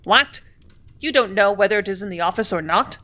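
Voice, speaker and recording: A woman reading a story, voicing a blustering male factory superintendent who speaks loudly and brusquely. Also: medium pitch, animated, a little fast. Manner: loud, brusque, bullying.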